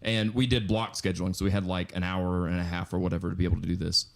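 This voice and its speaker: A man with a fairly low voice tells a story on a podcast. He talks loosely, with lots of ums, swearing and laughter. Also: fast talker, gravelly. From Missouri, USA. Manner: relaxed, swears freely, full of ums and laughs. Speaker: podcast co-host. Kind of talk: casual storytelling.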